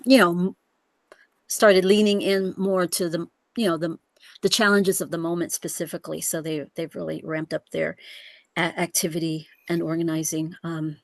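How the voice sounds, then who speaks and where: Low-voiced woman hosting a video call. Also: fairly even intonation, moderate pace, gravelly, no echo. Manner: welcoming, chatty, hesitant fillers. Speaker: host of a virtual reading series. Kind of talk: casual video call chat.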